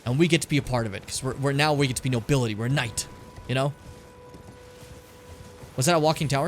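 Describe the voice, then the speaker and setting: A man's voice: mid-range voice, quick pace, pauses often, noisy background. A man streaming a video game, giving casual commentary, chatty and joking, swearing freely and talking to his viewers.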